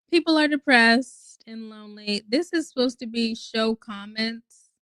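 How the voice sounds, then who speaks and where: A woman's voice: fairly high pitch, a bit bright, no room sound. Chatty, swearing woman in her twenties. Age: 20s. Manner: chatty, swearing, rambling with fillers. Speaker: host. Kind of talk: casual livestream talk.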